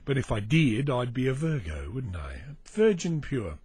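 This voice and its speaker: A man's voice: medium pitch, very animated, a little slow, darkish tone, slightly rough, dry recording. A man hosting a comedy podcast, rambling through a dry, mocking monologue and getting easily sidetracked.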